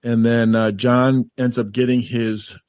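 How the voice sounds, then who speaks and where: A man's voice: mid-range voice, little pitch movement, measured pace, a little mellow, no room sound, studio quality. A man co-hosting a podcast, chatting about a movie in a rambling, enthusiastic way. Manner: rambling, enthusiastic, lots of fillers. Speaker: podcast co-host. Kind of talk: casual movie chat.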